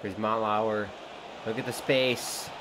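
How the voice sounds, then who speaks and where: A man hosting a gaming channel, commentating his own match with excitable outbursts at big moments. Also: fairly low pitch, takes it slowly. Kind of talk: live gameplay commentary. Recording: noisy background hum.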